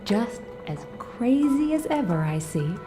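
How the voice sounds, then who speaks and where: An actress voicing a sharp-tongued young woman held captive in a video game, speaking in a sarcastic, teasing way. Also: a little high, sing-song, a little slow, music in the background.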